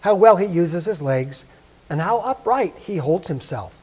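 A man's voice: sits high, animated, measured pace, a little mellow, breathy edge, full character voice. A man voicing a fussy, proud mother duck who scolds and frets in a raised voice. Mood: fussing.

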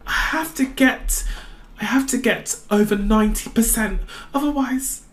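Brief: woman doing a fretful, panicky schoolgirl for a homemade cartoon, high and soft-spoken. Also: measured pace, natural voice. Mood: stressed. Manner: fretful, frantic. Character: anxious overworked schoolgirl. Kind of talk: amateur animation voice acting.

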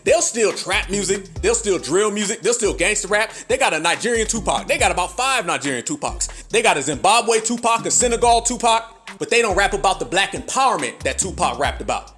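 Fiery preachy man with a high voice. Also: expressive, brisk, few pauses, fairly bright tone, soft background music. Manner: preachy, repetitive rhetorical questions, profane slang. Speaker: podcast host. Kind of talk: fiery monologue.

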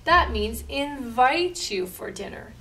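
A woman's voice: high voice, expressive, slow, a bit bright, distant mic, heavily acted. A woman doing a knowing, helpful crow. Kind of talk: picture-book read-aloud.

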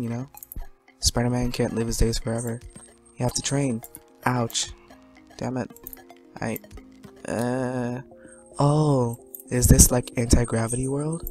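A man running a playful let's-play commentary, cracking jokes at his own expense and chatting straight to viewers. His pitch sits in an ordinary middle range for a man, and faint game music plays underneath. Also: a little mellow. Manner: joking, self-mocking, talks to viewers. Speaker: gaming commentator.

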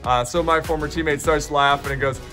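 A man's voice: a little high, steady tone, a little fast, sharp tone. Upbeat man storytelling over music. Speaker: host and keynote speaker. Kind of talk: casual storytelling to camera. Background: music bed.

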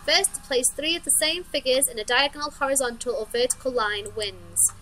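A woman's voice: high-pitched, brisk, bright, forceful tone, slight background noise, poor audio. A woman voicing a very old, playful creature in a horror game who speaks in rhymes. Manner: sing-song rhyming speech.

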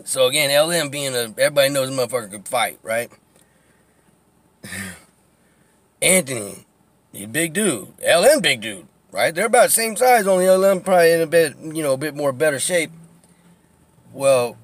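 A vlogger films a casual tour of his old neighborhood on a phone camera from his car, telling street stories full of swearing and laughter with animated energy. His voice is on the high side at normal speed, with long pauses, and the recording is dry.

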